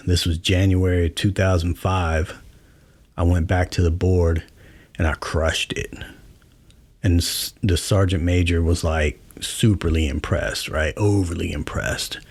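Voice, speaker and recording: Deep-voiced middle-aged male podcast host, laid-back storyteller, dry close mic. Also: no room sound. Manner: relaxed, conversational, many fillers. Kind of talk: casual storytelling monologue.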